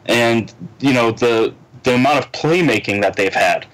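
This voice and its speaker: A man speaks as a guest co-host on a sports podcast. He talks through the game in a relaxed, conversational way with a mid-range voice. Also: mid-range voice, moderate pace, rough recording. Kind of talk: casual sports chat.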